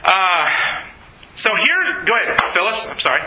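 A man's voice: sits high, big pitch swings, normal speed, echoey room, a crowd in the background, rough recording. A man teaching an informal Bible study to a class, asking questions and then answering them himself.

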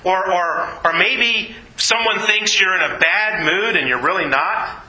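A man's voice: high voice, measured pace, bright, forceful tone, echoey room, rough recording. A man preaching a sermon in an earnest, conversational way, often repeating his phrases. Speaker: pastor.

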